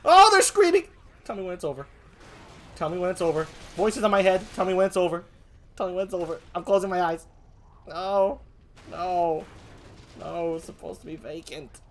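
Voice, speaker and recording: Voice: mid-range voice, fairly even intonation, moderate pace, long pauses, a little hiss or hum, natural voice. A streamer voicing a timid, panicky, cowardly survivor in a game, babbling and shrieking in fright. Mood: screaming. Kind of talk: in-character game commentary.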